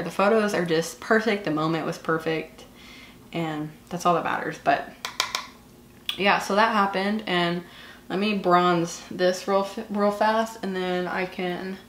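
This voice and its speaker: A woman's voice: lowish voice, fairly even intonation, moderate pace, gravelly, fairly bright tone, slight background noise. A woman in her twenties with a Southern US accent, chatting casually and gushing while doing her makeup, with lots of fillers. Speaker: beauty vlogger. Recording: echoey room.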